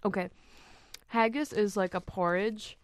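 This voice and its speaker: A woman's voice: mid-range voice, fairly even intonation, a little slow, smooth. A woman in casual snack-tasting chat, a chatty, playful storyteller.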